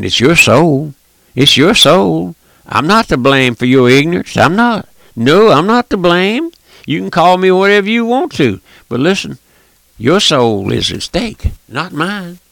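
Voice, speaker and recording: An older man preaches a radio sermon in a gravelly voice. He is folksy and fervent, hammering his phrases again and again and swinging between loud and hushed delivery. The recording is dry and close. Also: on the high side, no room sound.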